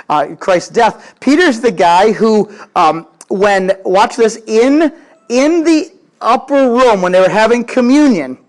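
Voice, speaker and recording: Lively, animated male preacher. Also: sits high. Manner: animated storytelling with jokes and acted-out quotes; conversational, addresses the congregation directly. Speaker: pastor. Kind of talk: sermon.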